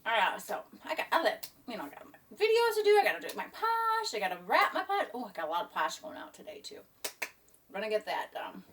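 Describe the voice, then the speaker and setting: A woman's voice: a little high, wildly swooping pitch, brisk, fairly bright tone, distant mic, slight background noise. Chatty woman rambling in her kitchen. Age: middle-aged. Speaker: vlogger. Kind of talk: casual chat. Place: home kitchen.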